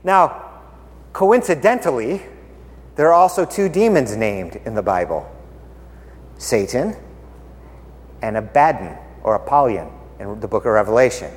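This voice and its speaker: A man's voice: mid-range voice, sing-song, unhurried, pauses often, big-room sound. A man preaching a casual, conversational sermon, playful and full of rhetorical questions, acting out the characters as he retells Bible stories.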